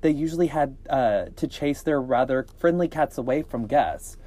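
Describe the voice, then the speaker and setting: A man reads a scary story aloud for a podcast in a mellow, warm voice. He keeps it casual, stumbling on a word here and there and breaking off for joking asides. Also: medium pitch, moderate pace. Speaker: podcast host reading scary stories.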